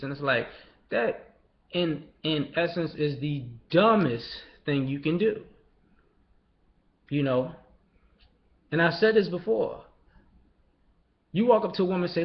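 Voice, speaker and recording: A man's voice: fairly high pitch, expressive, measured pace, pauses often. A man giving a casual, blunt, profane monologue, sometimes mocking others in put-on voices. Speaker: commentator. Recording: dull lo-fi recording.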